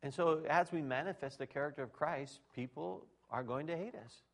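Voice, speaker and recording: A middle-aged male preacher with a slightly high voice delivers a chatty sermon. He slips in and out of quoted exchanges, rising sharply when he gets worked up and dropping low for asides. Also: normal speed, creaky. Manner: conversational and animated, with quoted dialogue and laughter.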